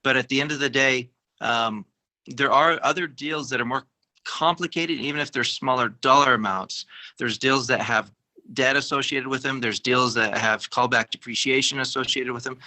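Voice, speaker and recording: A man speaks in a casual business chat, calmly explaining how deals work. His voice is strikingly bright at a mid pitch. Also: moderate pace, low-quality recording.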